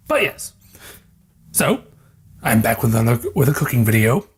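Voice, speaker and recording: A young man hosts a casual home cooking vlog, rambling, joking and swearing in a medium-pitched, gravelly, husky voice. He's recorded on a lavalier mic in his kitchen, with a fridge humming in the background.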